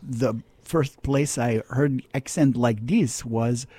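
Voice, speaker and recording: A studio guest telling a family story, hesitant, with many restarts. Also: male voice, mid-range voice, slow pace, mellow, slightly rough, dry recording.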